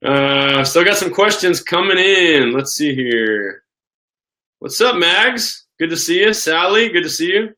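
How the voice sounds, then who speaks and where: Bright, excitable man hosting a live chat. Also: fairly high pitch, measured pace. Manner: enthusiastic, excitable, repeats words and restarts often. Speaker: host of a live question-and-answer stream.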